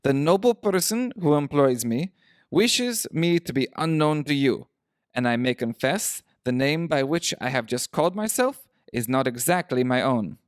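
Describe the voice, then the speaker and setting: A man's voice: a little high, expressive, normal speed, dry recording, studio quality, natural voice. A man reading a story aloud, voicing a proud, secretive masked nobleman who speaks in a formal, stiff and guarded way.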